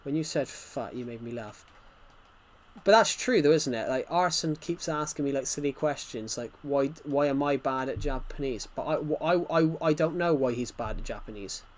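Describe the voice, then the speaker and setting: A man's voice: mid-range voice, moderate pace. A man streaming gameplay live, rambling chattily and answering chat messages, his nose bothered by hay fever.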